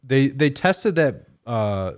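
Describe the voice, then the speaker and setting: A man's voice: mid-range voice, sing-song, slow. Man explaining things in a casual chat. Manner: explains at length, trailing off quietly. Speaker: podcast co-host.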